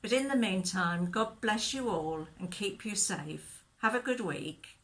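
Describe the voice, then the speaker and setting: Gentle woman telling a Bible story. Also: mid-range voice, unhurried. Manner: gentle, expressive, asks questions. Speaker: children's church leader. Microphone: recorded for video.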